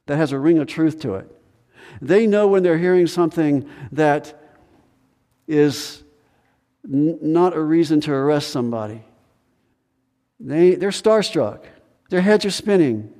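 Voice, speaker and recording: A man preaching a sermon as pastor, animated, acting out the voices of people in the story. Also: on the high side, big-room sound. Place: church sanctuary.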